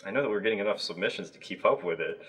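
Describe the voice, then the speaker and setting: A man's voice: fairly low pitch, racing, a bit bright, breathy edge. A man hosting a livestream, chatting casually with a guest, with plenty of fillers and restarts. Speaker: livestream host.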